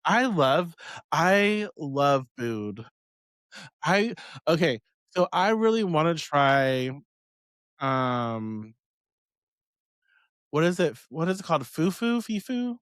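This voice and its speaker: A man's voice: fairly high pitch, expressive, slow pace, long pauses, a bit bright, smooth, no echo, studio quality. A man hosting a witchcraft live stream in a rambling, casual way, swearing freely and laughing often. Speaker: witchcraft podcast host.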